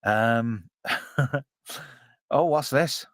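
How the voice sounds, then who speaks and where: A man's voice: medium pitch, extremely slow, fairly bright tone, dry recording, studio quality. A man hosting a casual, jokey live-stream commentary on a film. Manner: chatty, jokey, puts on silly voices. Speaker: podcast co-host.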